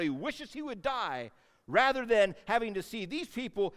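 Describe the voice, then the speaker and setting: Animated preacher in a reverberant hall. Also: male voice, high-pitched, moderate pace. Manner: animated storytelling preaching, swinging from loud to hushed. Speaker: pastor. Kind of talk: sermon.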